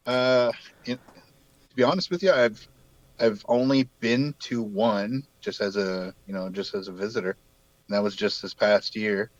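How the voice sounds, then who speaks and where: A man's voice: fairly low pitch, a little slow, dry recording, muffled recording. A man in his forties from New Brunswick, Canada, with a light local accent, chatting easily and rambling with plenty of fillers as a guest artist. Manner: easygoing, rambling with many fillers. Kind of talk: casual video-call chat.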